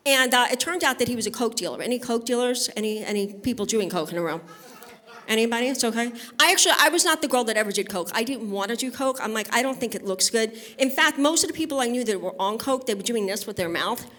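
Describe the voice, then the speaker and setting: A woman's voice: on the high side, expressive, fast talker, fairly bright tone. A woman from Brooklyn, doing a brash, chatty stand-up set on stage with bawdy stories and crowd work. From Brooklyn, New York. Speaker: stand-up comedian. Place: on stage at a live benefit event.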